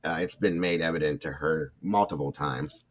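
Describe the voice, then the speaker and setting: An older man with a very low voice hosts a casual livestream. He tells a long family story in a rambling, heated way, restarting his sentences and turning to his viewers. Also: moderate pace. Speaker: host.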